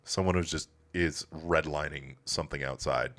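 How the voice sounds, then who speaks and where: A man with a lowish voice whose pitch jumps around in lively swings hosts a loose livestream from his auto shop. He talks in a blunt, laid-back way, peppered with swearing. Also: normal speed. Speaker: host of a classic car livestream. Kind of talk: casual live commentary.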